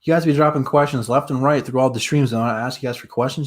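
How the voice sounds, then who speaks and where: Young male sports streamer from the Detroit area, hyped and chatty, mid-pitched voice, casual live talk. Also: steady tone, quick pace, hardly any pauses. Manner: hyped, talks straight to viewers with fillers.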